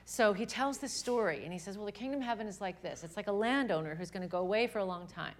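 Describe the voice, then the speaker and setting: A young adult woman with a mid-range voice talks quickly and animatedly about faith to a live audience at a women's gathering. She is earnest throughout and often begins sentences anew.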